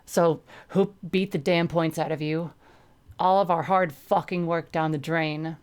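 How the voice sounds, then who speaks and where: A woman's voice: deep voice, steady tone, measured pace, a little mellow, clear, resonant tone. A woman voicing an agitated, foul-mouthed young man who rants and swears. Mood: ranting. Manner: ranting, swearing.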